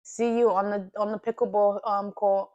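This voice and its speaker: A woman's voice: mid-range voice, little pitch movement, moderate pace, dark tone, muffled recording. A woman streaming live as a futures trader, chatting loosely with viewers, swearing freely, and talking herself through a review of her trading day. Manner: reflective, self-coaching. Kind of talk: casual livestream chat and trade review.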